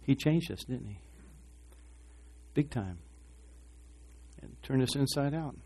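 A man preaches to a congregation with a husky, somewhat dark voice. He calls out for responses from the room and slips into short acted voices to make his point. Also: mid-range voice, takes it slowly. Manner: animated preaching with call-and-response, acting out voices. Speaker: pastor. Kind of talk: sermon.

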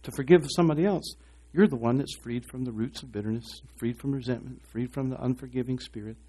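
A man's voice: medium pitch, quick pace, warm tone. A man preaching a sermon, asking the congregation to respond and acting out short voices. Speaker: pastor.

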